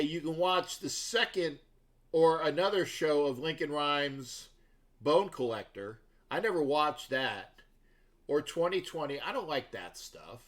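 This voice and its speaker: Chatty man hosting a livestream. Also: a little high. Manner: rambling, with many restarts and asides to viewers. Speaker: livestream sports show host. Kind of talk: casual rambling livestream chat.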